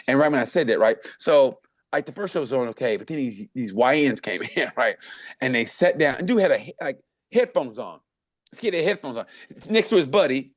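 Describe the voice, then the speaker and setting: A man's voice: medium pitch, dry recording. A man tells a story on a comedy podcast, his voice rising and falling all over the place. He swears freely and breaks into laughter often. The sound is dry and close, with no room heard. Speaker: podcast co-host. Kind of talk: casual comedic chat.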